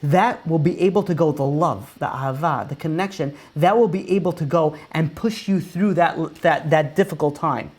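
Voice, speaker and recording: A rabbi giving a conversational sermon, asking many rhetorical questions and repeating and restarting phrases. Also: male voice, on the high side, normal speed, hardly any pauses, darkish tone.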